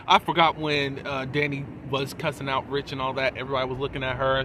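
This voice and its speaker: A man's voice: mid-range voice, fairly even intonation, fairly quick, background noise. A man giving a casual, chatty recap of a TV episode, laughing between points and asking his viewers questions. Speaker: TV episode reviewer.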